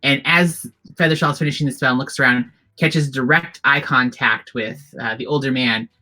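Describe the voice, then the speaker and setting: A tabletop game master narrating the scene in a loose, rambling way, circling back and restarting as the scene unfolds. The voice is bright and forward. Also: medium pitch, steady tone, moderate pace, low-quality recording. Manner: rambling, heavy with fillers and restarts.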